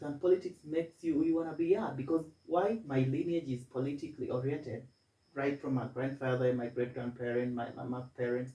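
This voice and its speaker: A man's voice: mid-range voice, mellow, far from the mic. Man in his 20s, confident student guest who stammers on restarts, recorded off-mic in a roomy space. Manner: self-assured, repetitive, stammering restarts. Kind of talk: casual interview. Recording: echoey room, voice from off-mic.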